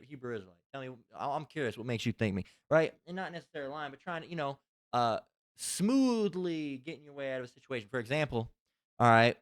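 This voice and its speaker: A man's voice: mid-range voice, expressive, fast talker, no room sound, clean studio sound. A man giving a casual religious lesson, talking in a rambling, profane, conversational way. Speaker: religious teacher. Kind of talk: casual spoken scripture lesson.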